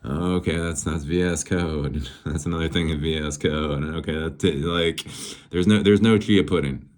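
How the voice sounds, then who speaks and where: A man's voice: very deep voice, fairly even intonation, moderate pace, a little mellow. A middle-aged man giving casual, sarcastic tech commentary as host, rambling and chuckling often.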